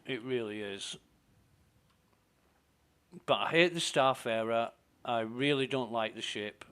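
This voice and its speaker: A man's voice: medium pitch, a bit bright, clean tone. A man giving casual, self-mumbling commentary while playing a space game. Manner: slow, muttering to himself, self-deprecating.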